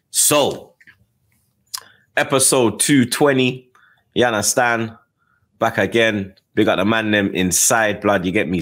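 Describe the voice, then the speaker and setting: Deep-voiced London man telling stories. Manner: animated storytelling with slang tags. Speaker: host. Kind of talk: casual chat.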